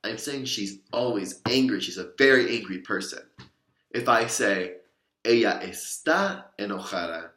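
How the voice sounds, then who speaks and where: A man's voice: on the low side, pushed and bright, roomy sound. A young man teaching a Spanish lesson, explaining patiently with examples and asking the listener to repeat after him. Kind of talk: spoken language lesson.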